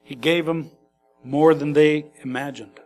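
A man preaching an expository sermon in a conversational, animated way, acting out quotes and adding quick asides. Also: on the high side, soft background music. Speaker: pastor.

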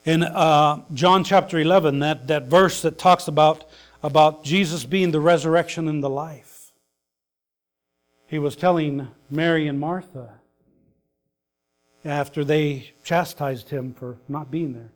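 A male pastor preaching a sermon, swinging between emphatic loud lines and hushed soft ones. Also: fairly high pitch, steady tone, measured pace.

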